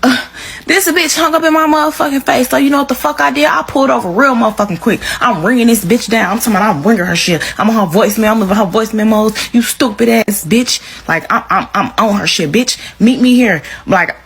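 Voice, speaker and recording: A woman's voice: on the high side, quick pace, a bit bright. Woman cussing through a heated storytime. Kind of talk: storytime rant to camera.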